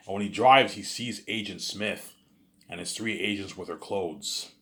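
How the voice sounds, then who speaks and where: Male storyteller, low register, loose rambling delivery full of stammers and repeated fillers, with sudden excited outbursts. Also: a little slow. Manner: repetitive and stammering, with constant "you know what I'm saying" fillers; bursts into excited loud asides. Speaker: storyteller pitching a film idea.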